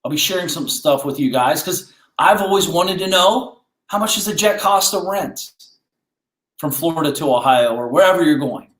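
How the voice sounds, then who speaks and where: A man's voice: a little high, animated, moderate pace, a bit bright, echoey room. Fired-up man ranting with rhetorical questions. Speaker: podcast host. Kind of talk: motivational monologue.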